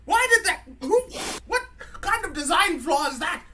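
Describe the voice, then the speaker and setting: A man voicing a foul-mouthed, drunk, fussy male robot butler with a put-on British accent and shrill squawking outbursts. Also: animated, normal speed, sharp tone, exaggerated voice. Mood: indignant.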